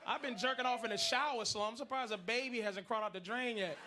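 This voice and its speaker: A man's voice: very high voice, quick pace. A man in his thirties doing crude, rambling stand-up comedy in a noisy live room. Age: 30s.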